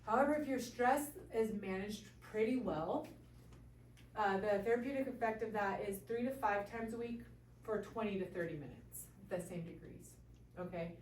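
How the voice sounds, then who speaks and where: Explaining health topics to a small group, this woman chiropractor keeps asking "okay?" Her voice is medium-pitched and darkish, at a moderate pace, with slight background noise. The recording is echoey and distant.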